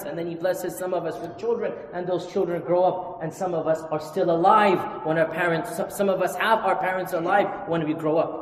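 A male preacher delivers a fervent sermon, leaning hard into certain phrases before sinking to a near hush. The sound is roomy, with a long reverb tail from a large hall. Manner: impassioned, swings from loud emphatic stresses to low hushed passages.

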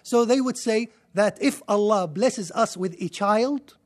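Excitable high-voiced male lecturer. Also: a little slow. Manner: excitable, fires rhetorical questions at the audience. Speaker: Islamic lecturer. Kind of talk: impassioned religious lecture.

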